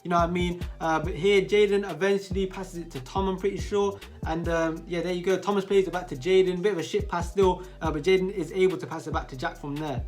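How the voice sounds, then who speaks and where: A man's voice: high voice, quick pace, hardly any pauses, faint music behind. A young man giving a slangy, casual voice-over commentary on a football match. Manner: excitable, slangy, keeps saying bro and like. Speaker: youtuber commentating his own team's match.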